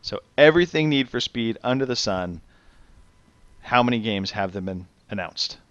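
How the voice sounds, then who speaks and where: Bright, upbeat quizmaster man. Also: on the low side, lively intonation, no room sound, highs cut off. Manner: upbeat quizmaster, reads questions slowly and clearly. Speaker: podcast host running a quiz. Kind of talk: casual podcast chat.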